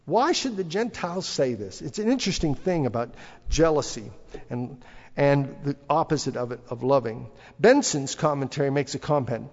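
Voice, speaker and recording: A man's voice: mid-range voice, lively intonation, normal speed, darkish tone. A middle-aged man preaching a sermon, speaking earnestly and rising with emphasis when he quotes scripture. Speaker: pastor. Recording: dull lo-fi audio with long hall reverb.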